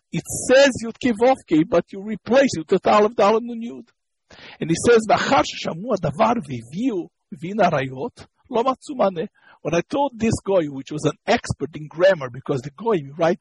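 A Torah teacher gives a lesson on Hebrew grammar, explaining step by step, repeating key points, and pausing to search for words. His voice sits high, and the low-quality recording carries a little hiss or hum.

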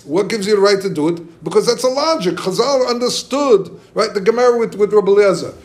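Male Talmud teacher, high voice, excited lecture full of restarts. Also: fairly quick. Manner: excited, many restarts, questions to listeners.

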